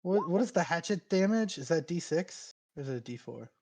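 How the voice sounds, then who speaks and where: A man narrating as game master for a tabletop game, chatty and quick to laugh. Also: a little high. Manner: laughs often, relaxed and chatty.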